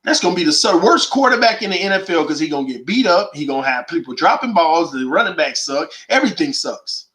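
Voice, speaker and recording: A man's voice: fairly high pitch, lively intonation, quick pace, few pauses, a bit bright, reverberant. A man hosting a call-in sports show, delivering an emphatic, slangy monologue full of rhetorical questions. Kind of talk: animated opinionated monologue.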